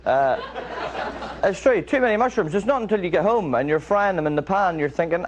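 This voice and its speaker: A man's voice: sits high, expressive, a little fast. A man doing observational stand-up on a television studio stage, dry and rambling, acting out small everyday scenes. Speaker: stand-up comedian. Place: television studio stage before a live audience. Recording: noisy broadcast audio with loud audience laughter.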